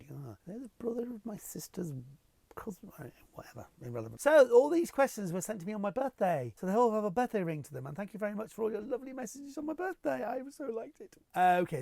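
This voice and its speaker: Lively, gravelly-voiced chatty man. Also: high-pitched, dry recording. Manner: chatty and rambling, with playful put-on voices. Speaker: TV property presenter answering viewer questions. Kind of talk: casual to-camera chat.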